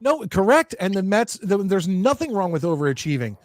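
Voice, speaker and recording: A man hosts a loose sports call-in chat, his voice sitting high for a man. He rambles and corrects himself mid-sentence. The sound is close and dry. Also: very animated, a little fast, darkish tone, no room sound. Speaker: show host.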